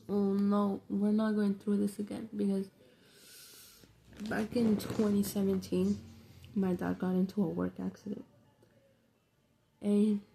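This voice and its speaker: A woman's voice: medium pitch, gravelly, warm tone. A young woman telling a rambling, slangy, profane story in a casual vlog. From New York City. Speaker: vlogger.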